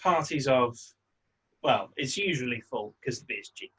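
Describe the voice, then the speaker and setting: Man, game master, husky voice, relaxed, halting narration. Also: medium pitch, rough recording. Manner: relaxed, hesitant narration with many fillers.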